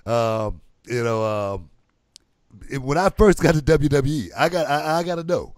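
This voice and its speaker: A man's voice: mid-range voice, moderate pace, no room sound, studio quality. A middle-aged man telling a story in casual chat, with lots of "you know" fillers. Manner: animated, repeats "you know" a lot. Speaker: podcast guest.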